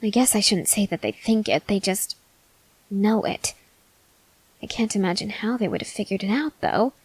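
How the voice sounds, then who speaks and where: A woman's voice: medium pitch, lively intonation, slightly rough, no room sound, rough recording. Woman voicing Armin, an unhinged young cult leader, whispered role-play. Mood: bitter. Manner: slow, intense, swings from whispers to sharp outbursts. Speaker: ASMR voice actor.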